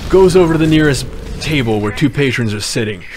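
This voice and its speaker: A man telling a long joke in a slow, drawn-out storytelling way, with music behind. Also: mid-range voice, expressive, a crowd in the background.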